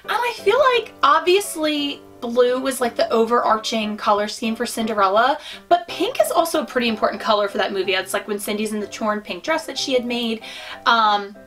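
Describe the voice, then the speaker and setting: Young woman rambling through an unboxing, voice a bit high, soft music behind. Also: lively intonation, brisk. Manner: chatty, rambling, many fillers and restarts. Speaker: vlogger. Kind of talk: casual unboxing chat.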